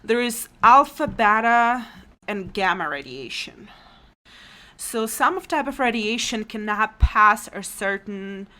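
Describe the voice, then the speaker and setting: A woman's voice: a little high, animated, slow, bright, forceful tone. A woman, a native Russian speaker, talking in English as a guest on a casual podcast, earnest and sometimes searching for words.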